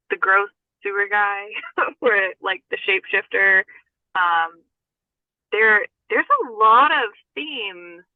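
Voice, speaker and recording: A woman's voice: mid-range voice, dry recording. A woman talking as a guest about paranormal research, chatty, with frequent laughs and fillers. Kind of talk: casual conversation. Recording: tinny phone-line audio.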